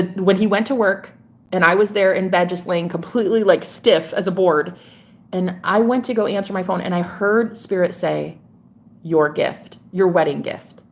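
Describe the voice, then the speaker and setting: Woman tarot reader, live-stream host; effusive, chatty, profane, pitch swinging all over. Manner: gushing, chatty, swears freely.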